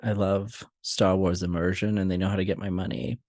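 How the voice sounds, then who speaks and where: A young man co-hosting a podcast, chatting casually and laughing often as he tells animated stories. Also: low-pitched, brisk, no room sound, studio quality. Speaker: podcast co-host. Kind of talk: casual chat.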